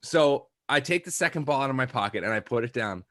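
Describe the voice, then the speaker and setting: A man's voice: medium pitch, animated, fast talker, fairly bright tone, dry recording, clean studio sound. A young man, a podcast co-host, telling a rambling casual anecdote full of "like" and quoted lines. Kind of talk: casual chat, storytelling.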